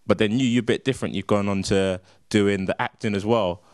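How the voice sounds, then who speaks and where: A man's voice: on the low side, fairly even intonation, fairly quick, no room sound, clean studio sound. A British man interviewing a guest, asking casual questions full of fillers.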